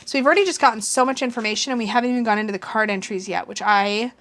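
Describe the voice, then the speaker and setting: A woman reviewing a tarot deck in a casual walkthrough, excitable and gushing, with muttered asides to herself. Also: a little high, racing. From Canada. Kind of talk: casual deck walkthrough, reading aloud from guidebook.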